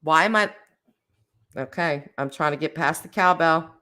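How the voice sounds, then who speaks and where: A low-voiced woman chats casually on her livestream, talking in a lively, animated way. She breaks into laughter often and reacts freely to her viewers. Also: normal speed. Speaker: livestream host.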